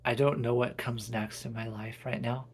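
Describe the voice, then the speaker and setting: A man's voice: medium pitch, fairly even intonation, normal speed, slightly rough. A man reading his own novel aloud in an earnest, dramatic storytelling manner.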